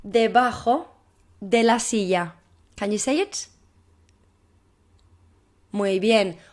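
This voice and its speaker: A woman teaching a recorded classroom lesson, encouraging her pupils and repeating phrases slowly so they can echo them. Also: mid-range voice, darkish tone. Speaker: primary Spanish teacher.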